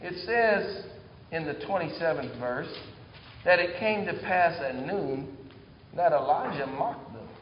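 A man preaching a sermon, retelling scripture in animated storytelling and reading verses aloud. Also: on the high side, a little slow, slight background noise. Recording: echoey hall, dull sound.

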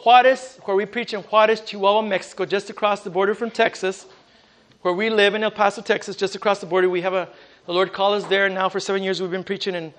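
High-voiced fervent male preacher. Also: fairly bright tone. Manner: fervent, often exclaiming praise to God; repeats words at the start of phrases. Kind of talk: sermon with personal testimony. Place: church service with congregation.

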